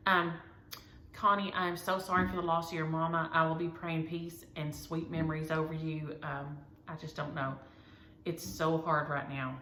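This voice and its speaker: A woman's voice: low voice, flat delivery, normal speed, bright, forceful tone, echoey room, slight background noise. A woman, chatting to her viewers as a cross-stitch vlogger and rambling through homespun stories. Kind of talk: casual chat to viewers.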